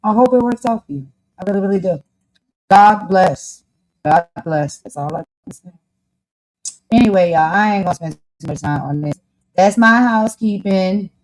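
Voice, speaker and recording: A woman's voice: low-pitched, warm tone, low-quality recording. A woman host with a New Jersey accent, talking in a blunt, sassy, slang-heavy way. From Camden, New Jersey. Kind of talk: casual chat.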